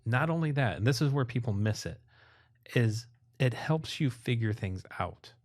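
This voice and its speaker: A man's voice: medium pitch, expressive, normal speed, a little mellow, no room sound, clean studio sound. A man co-hosting a casual podcast chat, encouraging his partner and laughing often. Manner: encouraging, laughs often, breaks into playful bits. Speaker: podcast co-host.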